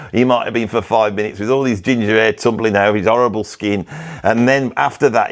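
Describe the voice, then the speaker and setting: A British man hosting a comic monologue, ranting about musicians in a sarcastic, opinionated, grumbling way. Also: fairly low pitch. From Britain. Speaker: musician and video host.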